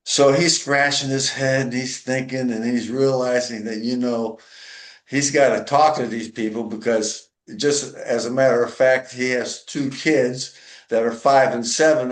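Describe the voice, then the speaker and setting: A man spins an anecdote in a loose, easygoing way, pausing often on fillers. His voice sits mid-range, and the recording has a noticeable roomy echo. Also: medium pitch, steady tone. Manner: easygoing storyteller, many filler pauses. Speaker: podcast host. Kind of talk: casual storytelling chat.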